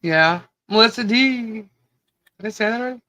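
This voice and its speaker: A podcast co-host with a hoarse voice, cheerfully greeting viewers one by one on a live stream. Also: mid-range voice, a little slow, bright, forceful tone, no echo. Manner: giddy, laughing, greets viewers by name.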